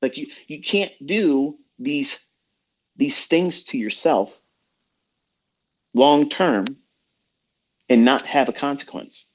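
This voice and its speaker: Over dull, lo-fi online audio, a middle-aged man rants at the traders he mentors, blunt, heated, and profane, in a motivational vein. He speaks slowly in an animated mid-range voice, leaving long pauses.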